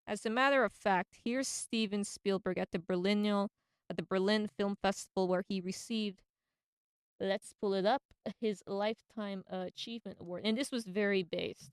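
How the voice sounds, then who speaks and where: A woman's voice: mid-range voice, smooth, no echo. A woman hosting a casual radio monologue, enthusiastic and slangy. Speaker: radio host.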